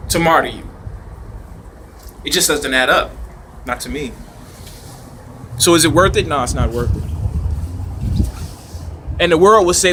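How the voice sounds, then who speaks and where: A man's voice: fairly high pitch, sharp tone, a little hiss or hum. A man giving rambling, emphatic off-the-cuff commentary outdoors, with a preachy tone and rhetorical questions. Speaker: video commentator. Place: outdoors in a city park.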